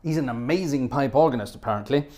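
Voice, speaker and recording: A man's voice: medium pitch, fast talker, a little mellow. A man hosting a live stream, reading out viewers' names one by one and greeting them, humming little filler tunes between names. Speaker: livestream host and organist.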